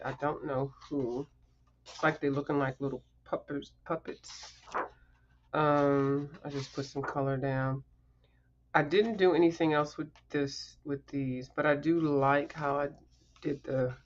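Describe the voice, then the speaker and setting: A chatty coloring livestream host talks casually through show-and-tell, rambling along with emphatic asides to the viewers. The voice sits at a middle pitch. The audio is a little muffled and lo-fi. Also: a bit bright.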